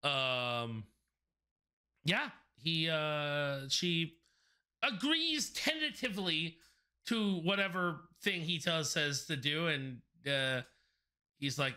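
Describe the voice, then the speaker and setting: A man narrating as game master of a tabletop game, slow and halting with many restarts. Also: a little high, bright, forceful tone, clear, resonant tone.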